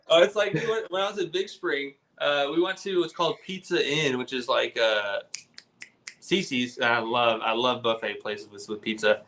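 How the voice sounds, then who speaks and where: Bright-voiced young guy rambling. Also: medium pitch, measured pace. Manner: rambling storyteller, says "like" a lot. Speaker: podcast guest. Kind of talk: casual chat.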